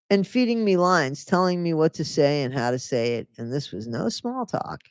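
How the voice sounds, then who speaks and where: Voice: medium pitch, lively intonation, moderate pace, hardly any pauses, clear, resonant tone, dry recording, clean studio sound. Sarcastic reader with mocking asides. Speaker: channel host reading a memoir aloud. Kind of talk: book reading with sarcastic commentary.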